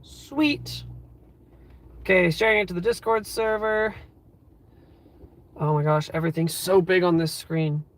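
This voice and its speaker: A man's voice: sits high, steady tone, moderate pace, pauses often. A man in his twenties hosting a casual live stream from inside his car. He rambles in an upbeat way, with plenty of fillers, and talks to his viewers through a phone. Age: 20s. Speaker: livestream host.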